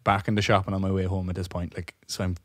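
A man's voice: low-pitched, little pitch movement, fast talker, dry recording, studio quality. A young man co-hosting a podcast, telling a long story in a rambling way, swearing often and laughing as he goes. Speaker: podcast co-host. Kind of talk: casual storytelling chat.

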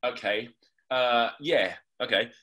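A man's voice: mid-range voice, slow pace. A man who is a reverend and hypnotherapist, explaining ideas thoughtfully as a guest in an interview over a remote call. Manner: animated, thoughtful explainer with fillers.

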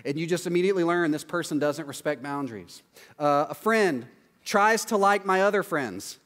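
Male preacher, conversational sermon, raised pitch, long church-hall reverb. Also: a little fast. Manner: conversational, acts out quoted voices, frequent "right?" asides. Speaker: pastor.

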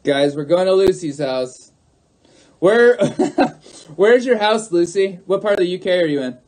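A man's voice: sits high, animated, measured pace, a little mellow. A man on a livestream who talks to his chat, arguing in a mocking, sarcastic way and repeating his points. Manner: argumentative, repeats himself. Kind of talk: livestream talk answering chat.

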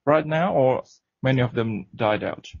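A man's voice: mid-range voice, animated, measured pace, gravelly, slightly rough, no room sound. A man hosting a radio interview, asking questions hesitantly with many fillers. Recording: dry, dull lo-fi radio recording.

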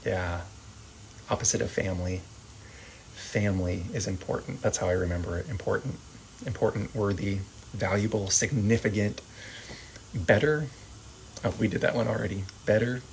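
A man teaching sign language vocabulary, calmly repeating each word and adding gentle asides. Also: fairly low pitch, moderate pace, gravelly, long pauses, a little hiss or hum, rough recording. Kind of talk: slow vocabulary lesson.

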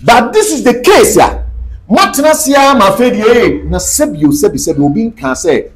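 A Ghanaian-accented man gives emphatic, sermon-like answers as an interview guest. His voice sits high and swings widely in pitch. He mixes Twi and English as he talks. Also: very animated, normal speed, a crowd in the background. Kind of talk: animated interview talk.

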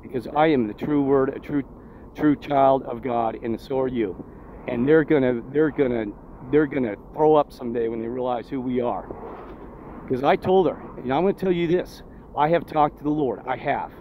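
A man's voice: medium pitch, normal speed. Indignant preachy man outdoors. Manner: indignant and preachy, with repeated rhetorical questions. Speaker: vlogger. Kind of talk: agitated street vlog monologue. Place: outdoors near a road. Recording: dull lo-fi phone audio, faint traffic.

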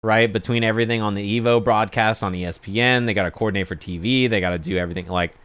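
A man telling a lively anecdote on his stream in casual chat, sometimes acting out other people yelling. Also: fast talker, clean tone, dry recording. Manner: animated anecdote, acts out others yelling in high pitch.

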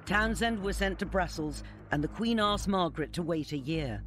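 A man's voice: high voice, expressive, fairly bright tone. Formal male documentary narrator over music. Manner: measured, formal.

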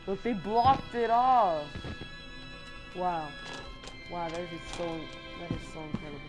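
A woman commenting on a horror game as she plays, excitable and repeating her exclamations. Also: fairly low pitch, poor audio. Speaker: gamer. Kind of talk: let's play commentary. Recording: game music behind. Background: game music.

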